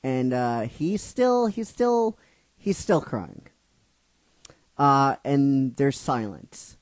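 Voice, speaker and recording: Slow, rambling middle-aged male narrator. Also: mid-range voice, very animated, dry recording. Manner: rambling and chatty, with many restarts and asides. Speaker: narrator of a fan script series. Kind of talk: casual spoken story narration.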